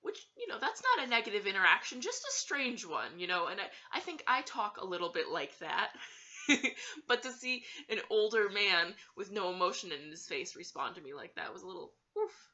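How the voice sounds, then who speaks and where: Bright-voiced giggly woman telling a story. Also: mid-range voice, sing-song, normal speed, lo-fi sound. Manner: giggly, hesitant, many fillers. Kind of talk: casual storytime chat.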